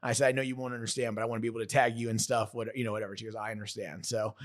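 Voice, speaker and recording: Man, 30s, podcast guest. Mid-pitched voice, earnest and halting, full of restarts. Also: flat delivery. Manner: earnest, halting, many restarts and self-corrections. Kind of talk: emotional personal storytelling.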